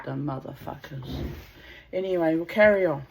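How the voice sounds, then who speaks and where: A woman's voice: low-pitched, normal speed, vocal fry, darkish tone, reverberant, a little hiss or hum, low-quality recording. A woman reading aloud at home in a casual, frank way that is full of swearing, with pet birds around her. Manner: frank and earthy, swears freely. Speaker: channel host reading aloud.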